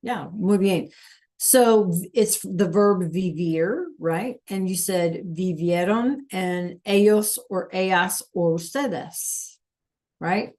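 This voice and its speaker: A woman's voice: lowish voice, slow pace, darkish tone. A woman teaching a Spanish class over a video call, often checking in with "right?" and "okay?". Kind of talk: online class lesson.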